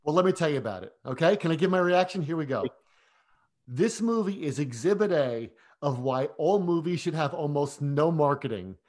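A man co-hosting a podcast, talking through a film in a casual, animated way, often restarting his sentences. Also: fairly high pitch, moderate pace. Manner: animated, chatty, frequent restarts. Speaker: podcast co-host.

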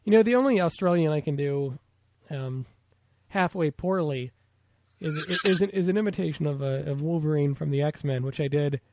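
A man's voice: on the high side, normal speed, darkish tone, a little hiss or hum. An American man co-hosting a casual movie podcast, rambling with lots of fillers. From United States. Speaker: podcast co-host.

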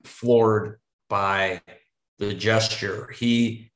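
A man's voice: fairly low pitch, a little slow, a bit bright. Man telling a rambling story in an echoey room. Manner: rambling, with frequent restarts and casual swearing. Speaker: podcast guest. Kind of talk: casual conversational storytelling.

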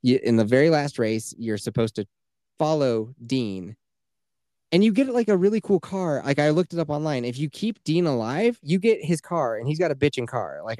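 A man's voice: mid-range voice, darkish tone, no echo. Profane rambling man, dry close sound. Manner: rambling, profane storytelling with quoted voices. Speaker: podcast co-host. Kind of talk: casual chat.

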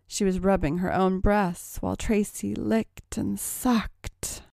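A woman narrating an erotic audio story in a slow, sultry reading. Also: medium pitch, creaky, darkish tone, dry recording, clean studio sound.

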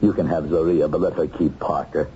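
An actor playing an unmasked fugitive who is quiet, composed and resigned, on a dull old TV soundtrack. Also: male voice, very deep voice, steady tone, a little fast, a little hiss or hum.

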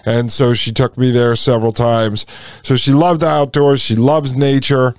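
A man in his forties hosts a podcast and tells a long personal story in a loose, chatty way, now and then calling his listeners "folks." His voice is smooth and resonant at a middle pitch. It sounds close and dry, with no room around it. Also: steady tone, moderate pace, no echo. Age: 40s. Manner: conversational, addresses listeners as folks. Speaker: podcast host.

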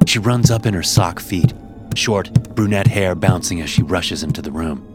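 A man with an extremely deep, low voice reads a first-person horror story in a hushed, somber manner. Clear music plays behind him. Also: lively intonation, moderate pace. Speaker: narrator.

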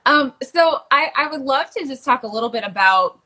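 Bright, husky-voiced woman host. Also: sits high, expressive, moderate pace. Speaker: podcast host. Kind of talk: casual interview chat.

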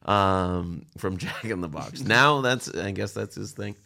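A man's voice: lowish voice, a little slow, gravelly, sharp tone. A man joking dryly with friends in a casual comedy chat. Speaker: podcast guest.

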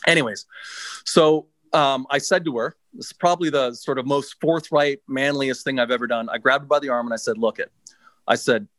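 A man's voice: medium pitch, steady tone, a bit bright, no room sound. A middle-aged man casually telling a long personal story, swearing freely and restarting his sentences. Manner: laid-back, swears freely, halting restarts. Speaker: guest.

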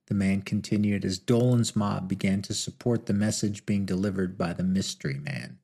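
Brief: male audiobook narrator, low pitch, husky tone. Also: moderate pace, few pauses. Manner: steady, storytelling.

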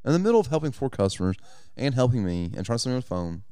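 A man's voice: mid-range voice, big pitch swings, very fast, dark tone, smooth, dry recording. A man on a podcast telling a long story to friends in a casual, profane way, laughing as he goes. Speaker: podcast co-host.

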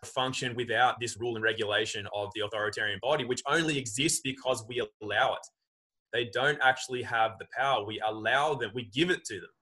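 A man's voice: mid-range voice, pushed and bright, rough recording. A man in casual conversation, talking animatedly and acting out quoted voices.

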